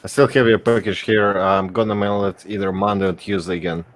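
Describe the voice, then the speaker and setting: A man from Wisconsin hosting a casual stream chat, often pausing mid-sentence to find his words. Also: on the low side, fairly even intonation. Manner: halting, stops often to search for words. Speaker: stream host.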